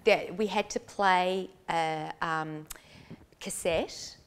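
A middle-aged Australian woman, chatty and self-deprecating, answering quick questions as an interview guest. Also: fairly low pitch, clean tone. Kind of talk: casual chat.

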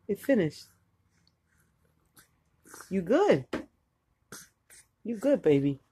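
A woman's voice: on the low side, big pitch swings, a little slow, pauses often, a little mellow, slight background noise. An older woman, a grandmother, chatting playfully and cooing at her grandson while feeding him. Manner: playful, cooing and teasing at the baby. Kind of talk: casual talk while feeding a baby.

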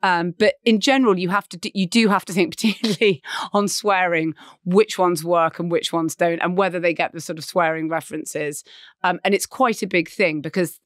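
Lively woman podcast co-host. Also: fairly low pitch, no room sound, clean studio sound. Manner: animated, quick asides and laughs. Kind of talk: casual chat.

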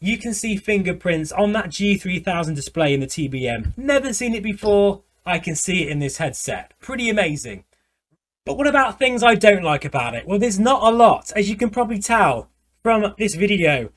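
A man, a flight sim vlogger gushing with excitement as he reviews a VR headset. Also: high-pitched, moderate pace. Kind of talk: enthusiastic product review vlog.

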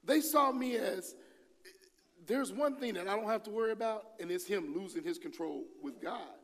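A middle-aged man preaching a sermon in a church, talking lively and acting out the voices of the people he quotes. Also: moderate pace. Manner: lively, acts out quoted voices with big swings in pitch and volume. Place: church sanctuary. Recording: long hall reverb.

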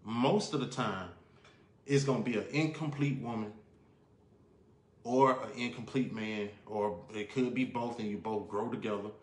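Man explaining his view, echoey room. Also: on the low side. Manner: measured, explains his view with everyday examples. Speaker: guest. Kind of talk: casual chat on a live stream.

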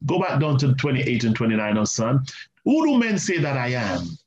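A male pastor preaching a sermon, animated and repetitive, with asides to the congregation. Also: medium pitch, moderate pace. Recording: roomy, slightly muffled church recording.

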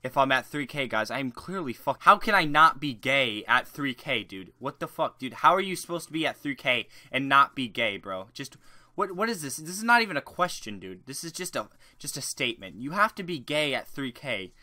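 Young male YouTuber, crude rambling monologue, bright voice, dry close mic. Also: mid-range voice, big pitch swings, moderate pace, no room sound. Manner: crude, rambling, shifts between shouting rants and mumbling. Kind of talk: joke Q&A monologue.

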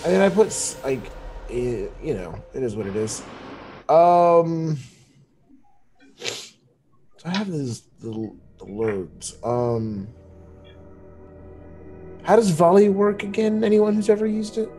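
A man's voice: a little high, expressive, slow, pauses often, dark tone, rough recording. A man playing a tabletop game, talking hesitantly with many fillers. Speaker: player. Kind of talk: casual tabletop game play. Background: background music.

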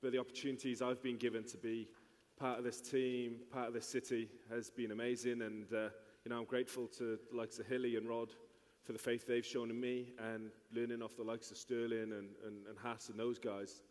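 A good-humoured man with a Welsh accent chats easily from the stage. his mid-pitched voice echoes with a long reverb around a large hall. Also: flat delivery, brisk, few pauses, darkish tone. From Wales. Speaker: rugby player. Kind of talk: on-stage interview answers.

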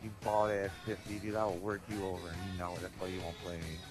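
A man's voice: sits low, steady tone, fast talker, over loud music, low-quality recording. A man leaving crude, taunting voice messages over a game headset. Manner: crude taunting, mock-soft drawl.

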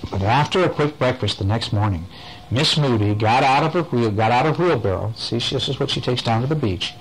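Gravelly man reading a bedtime story. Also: mid-range voice, animated, rough recording. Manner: gentle, playful, pauses to ask the listener. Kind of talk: bedtime story reading with picture-book asides.

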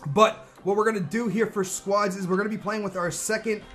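A young man hosting a let's-play of a football video game, reacting loudly and excitably to the match and chatting casually. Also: sits high, fairly quick, faint music behind. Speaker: gaming video host.

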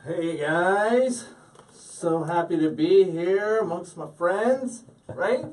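A man's voice: sits high, animated, slow, darkish tone. Late-thirties male stand-up, self-deprecating and punchy, picked up from a distant mic. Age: 30s. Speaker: stand-up comedian. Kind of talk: stand-up comedy set. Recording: stage audio from a distant mic.

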